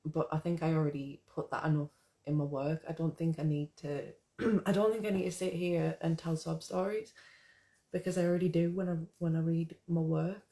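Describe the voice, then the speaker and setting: A woman's voice: low-pitched, steady tone, moderate pace, dark tone. A woman poet chatting casually to her viewers, rambling and swearing, then reading her own poem aloud. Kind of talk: casual live chat and poetry reading.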